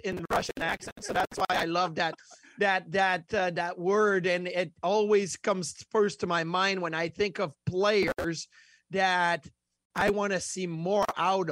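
A man's voice: sits high, a bit bright, no echo. A man co-hosting a casual sports talk show, rambling with many fillers and restarts. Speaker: hockey podcast co-host.

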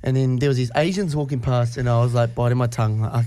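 A man's voice: medium pitch, steady tone, fast talker, a little mellow, dry recording. New Zealand man with sudden vocal tics. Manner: blurts out sudden vocal tics mid-story. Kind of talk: casual chat.

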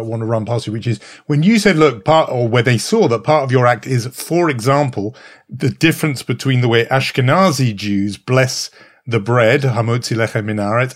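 Male podcast host asking winding questions. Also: mid-range voice. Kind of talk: interview questions.

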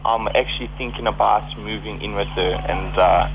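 A man speaking hesitantly over a dull phone line, filling his sentences with pauses and little fillers. There is clear noise behind him on the call. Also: fairly low pitch, fairly even intonation. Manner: hesitant, casual, lots of fillers. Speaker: caller, son.

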